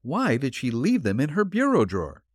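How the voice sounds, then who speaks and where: A man's voice: mid-range voice, huge pitch swings, moderate pace, no echo, clean studio sound, pitched above the performer's own voice. A man reading the part of an eager young male detective assistant who keeps questioning and reacting with surprise.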